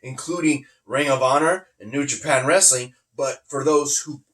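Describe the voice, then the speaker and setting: A man co-hosting a casual podcast, excitable, quick to shout and swear in shock. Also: medium pitch, far from the mic. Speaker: podcast co-host. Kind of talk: casual chat.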